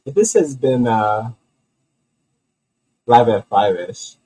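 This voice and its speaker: A man's voice: mid-range voice, expressive, extremely slow, mellow, breathy edge, rough recording. A man hosting his own comedy commentary show, ranting with heavy swearing and rambling restarts. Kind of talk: profane comedic rant.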